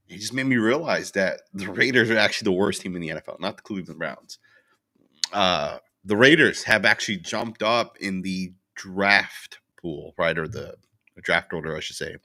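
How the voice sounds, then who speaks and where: A young sports channel host vents about a loss in a casual post-game recap, his deep, low voice carrying a bright, forceful edge at a moderate pace. He rambles, restarts sentences, stuffs in fillers, and pauses to respond to viewers' chat, with his frustration staying constant the whole way through.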